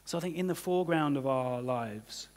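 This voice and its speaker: A man's voice: mid-range voice, normal speed. A man preaching a sermon as pastor, talking in a loose conversational way full of "you know" and "kind of". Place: church hall. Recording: church hall reverb.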